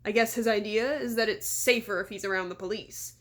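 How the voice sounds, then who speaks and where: Brief: brash fairy boy, swaggering, loud, read by a woman. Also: mid-range voice, steady tone, brisk, close to an everyday voice. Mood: cocky. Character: boastful flying fairy boy, cocky.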